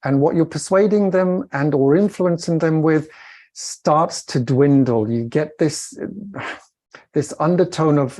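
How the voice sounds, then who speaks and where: A middle-aged Welsh man, a communication coach on a podcast, talking expressively and demonstrating inflection with swings in pitch. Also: slow pace, warm tone. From Wales. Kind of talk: podcast interview.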